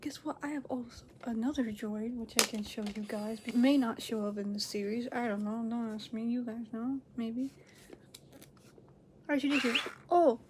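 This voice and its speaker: A woman hosting a reaction video, chatting casually at home. She rambles, corrects herself and laughs often, swinging between loud excited bursts and quiet near-whispers. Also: a little high, moderate pace, noisy background. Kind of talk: casual chat to camera.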